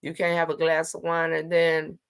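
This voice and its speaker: Low-voiced woman hosting a casual livestream. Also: monotone, moderate pace, vocal fry, clear, resonant tone. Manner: chatty, teasing, greets viewers by name. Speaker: livestream host.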